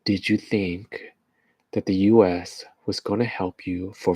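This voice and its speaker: A man's voice: low-pitched, fairly even intonation, unhurried, darkish tone, breathy edge, no room sound. A man from the United States giving rambling, joking current-events commentary on a livestream, often laughing at his own jokes.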